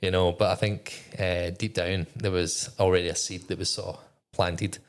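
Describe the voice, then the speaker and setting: Profane, low-voiced man telling a story. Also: flat delivery, moderate pace. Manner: profane, swears constantly, quotes his own thoughts. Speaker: podcast guest, former navy technician. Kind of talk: candid storytelling in an interview.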